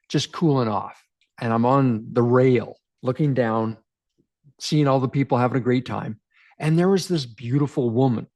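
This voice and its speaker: A man in his forties from Canada, a men's relationship coach, telling a personal story to camera in an emphatic, animated way with repeated phrases. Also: medium pitch. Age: 40s.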